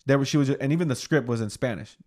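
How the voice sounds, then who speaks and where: A man's voice: medium pitch, fast, a little mellow. A young man co-hosting a podcast, chatting casually and rambling with lots of "like" fillers. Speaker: podcast co-host.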